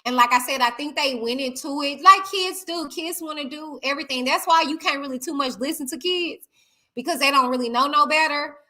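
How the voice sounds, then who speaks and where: Speaking briskly in a high-pitched voice, this woman runs a laid-back live stream. She's lively and talkative, reading out comments and addressing her viewers directly as y'all.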